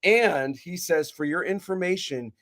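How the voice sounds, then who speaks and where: A man's voice: sits high, measured pace, fairly bright tone. A man co-hosting a livestream, reading viewer messages aloud in an upbeat way. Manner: upbeat, reads out chat messages.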